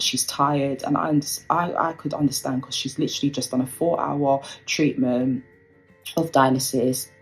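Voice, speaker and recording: A woman's voice: deep voice, darkish tone, poor audio. A young woman tells a personal story in a casual, rambling way, full of fillers. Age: young adult. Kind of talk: storytime recounting a personal experience. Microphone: phone.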